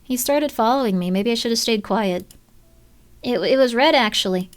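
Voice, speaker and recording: Young woman, game streamer, rambling, self-deprecating, slightly high voice. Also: moderate pace. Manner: animated, self-deprecating, rambling with many fillers. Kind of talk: live let's-play commentary.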